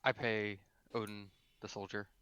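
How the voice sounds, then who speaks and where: A man's voice: lowish voice, level tone, moderate pace, sharp tone, clear, resonant tone, no room sound, muffled recording. A man in casual chat as a tabletop game player, with dry, wry remarks.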